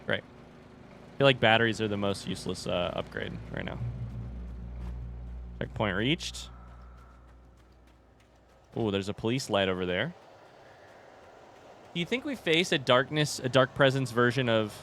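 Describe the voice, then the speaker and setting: A young man talking his way through a game on a live stream, loose and chatty, with a voice that leaps up and drops down in pitch as he reacts. He reads his chat aloud and curses casually, over a faint hiss of background noise. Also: expressive, unhurried, pauses often, fairly bright tone. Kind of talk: casual let's-play commentary.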